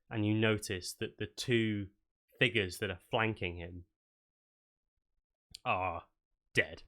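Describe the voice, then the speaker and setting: A man's voice: fairly low pitch, steady tone, takes it slowly, pauses often, a bit bright. A man narrating a tabletop game as game master in a loose, casual way with many fillers.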